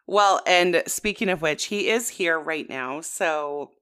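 A woman's voice: low voice, slow pace, a bit bright, clear, resonant tone. A woman in her thirties co-hosting a podcast in casual chat, with a sing-songy way of talking. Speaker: podcast co-host.

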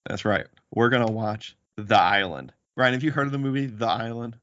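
Dude hosting a movie podcast, jokey and braggy, dry kinda dull mic. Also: male voice, medium pitch, moderate pace, fairly bright tone, no room sound. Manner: playful, boastful banter with laughs. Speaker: podcast host. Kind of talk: casual movie podcast chat.

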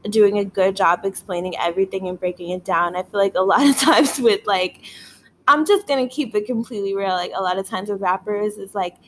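A woman hosting a casual solo podcast, rambling with lots of filler words, swearing and frequent laughter while she is high. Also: brisk, a little hiss or hum. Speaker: podcast host.

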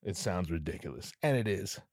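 Speaking fairly quickly in a low-pitched voice, a solo podcast host delivers a casual monologue of rambling, profanity-laced, lively stories. The audio is dry and of studio quality.

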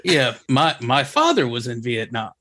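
A man in his forties tells a personal story on a podcast. He speaks plainly and casually, at a middling pitch. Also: sing-song, measured pace, sharp tone.

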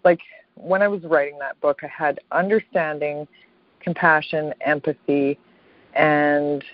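A woman's voice: low voice, fairly even intonation, measured pace, dry recording. A woman who writes books, chatting reflectively in casual conversation, laughing often and ending thoughts with "right?". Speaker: podcast co-host, author. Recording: dull lo-fi dry recording.

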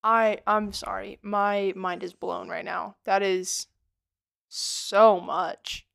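A woman's voice: medium pitch, level tone, gravelly, a bit bright, dry recording. A woman co-hosting a podcast, reacting with amazement and adding short comments on a close mic. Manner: reactive, quick to sound amazed. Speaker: podcast co-host. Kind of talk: casual chat, reacting.

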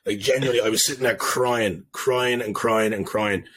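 A man's voice: lowish voice, steady tone, normal speed, fairly bright tone, husky, rough recording. A young man telling an emotional personal story on a podcast, emphatic, swearing and repeating himself. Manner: emphatic, profane, repetitive. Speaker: guest.

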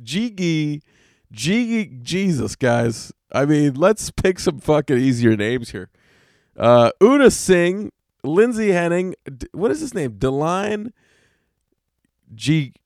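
A man's voice: on the high side, no room sound, clean studio sound. A man hosting a solo podcast, talking in a casual, rambling and exasperated way, full of swearing. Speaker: podcast host.

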